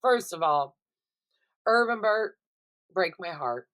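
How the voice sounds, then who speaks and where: A middle-aged woman with a somewhat low-pitched voice runs through her week of viewing in a loose, chatty vlog. She talks right to her audience, swears easily, and keeps things expressive and conversational. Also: slow pace. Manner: chatty, expressive and profane, addresses viewers directly. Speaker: vlogger reviewing TV shows. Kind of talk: casual chatty recap vlog.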